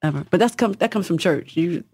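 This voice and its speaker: A woman singer with a husky, low-toned voice, talking casually and emphatically as an interview guest. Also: lively intonation, brisk, a little mellow, dry recording, clean studio sound.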